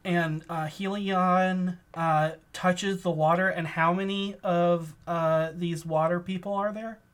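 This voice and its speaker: A woman player in a tabletop game, talking casually and a little hesitantly. Her voice sits somewhat low, and she pauses on fillers as she decides what to do. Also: steady tone.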